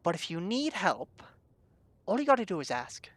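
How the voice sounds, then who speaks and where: Bartender, male, angry and foul-mouthed, shouting and scolding; a man puts him on. Bright, dry sound. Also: high-pitched, sing-song, normal speed, no echo, full character voice. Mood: grudging.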